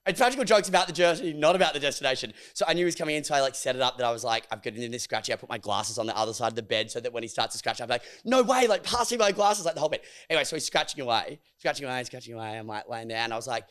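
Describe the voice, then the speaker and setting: A man in his thirties with an Australian accent, co-hosting a podcast in a casual, animated chat full of swearing and squealed impressions. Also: medium pitch, rapid-fire, hardly any pauses, clean tone. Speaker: podcast co-host.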